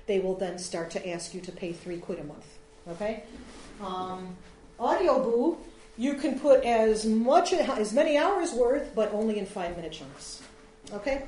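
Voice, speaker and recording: Speaking at a measured pace in a mid-range, dark-toned voice, this woman rambles chattily through an informal workshop on free online tools, full of fillers. The small audience sits in an echoey room, and there's slight background noise.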